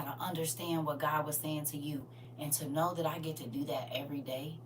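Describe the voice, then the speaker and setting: A woman ministering on a livestream, emotional and close to tears, swinging from loud preaching to soft near-whispers and calling listeners honey and y'all. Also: sits low, fairly even intonation, fairly quick, few pauses, distant mic, background noise. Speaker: online minister and livestream host.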